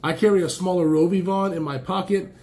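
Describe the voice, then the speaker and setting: A man's voice: high-pitched, fairly even intonation, brisk, dark tone. A man chatting casually while unboxing knives and flashlights, enthusiastic and rambling, a bit stuffy from allergies. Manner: enthusiastic, rambling, exclaims often. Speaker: knife and gear reviewer.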